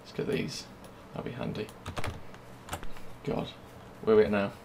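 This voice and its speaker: Swearing gamer, low voice. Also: male voice, flat delivery, measured pace, vocal fry, long pauses, slight background noise. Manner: swearing, jumpy, swings from low muttering to loud yelling. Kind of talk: live gameplay commentary. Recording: game music playing under the voice.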